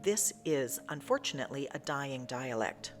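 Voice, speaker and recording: A woman's voice: rumbling low, animated, normal speed. A woman hosting the channel, giving a careful, explanatory scripted narration. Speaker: channel host. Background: music.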